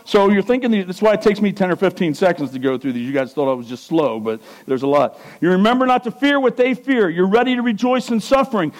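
A man with a very high-pitched voice preaches to his church. He fires questions at the congregation and pushes them to answer, keeping the sermon lively and interactive. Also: fast, few pauses, rough recording. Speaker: pastor.

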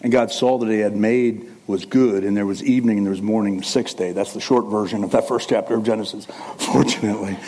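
A male pastor preaching a sermon in an animated, conversational way, with asides and self-corrections. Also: on the low side, a little fast, few pauses.

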